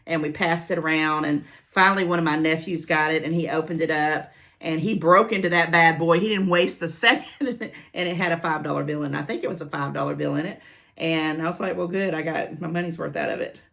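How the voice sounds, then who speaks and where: A middle-aged woman vlogging as she opens gift mail, chatty and rambling, gushing to her friend and her viewers. Her voice is a little low in pitch but very bright and forward. She talks casually and spills into long stories. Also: brisk, gravelly. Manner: squealing with excitement. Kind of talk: casual unboxing vlog.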